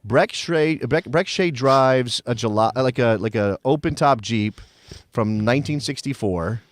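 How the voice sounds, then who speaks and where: A man's voice: medium pitch, unhurried, dry recording. An American man co-hosting a podcast, rambling casually with lots of restarts and easy laughter. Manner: rambling, self-interrupting, laughs easily. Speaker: podcast co-host. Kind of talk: casual chat.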